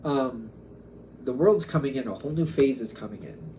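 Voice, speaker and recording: A man's voice: mid-range voice, expressive, moderate pace, mellow, slight background noise. A man giving a casual tarot reading, musing aloud and acting out quoted back-and-forths. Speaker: tarot reader.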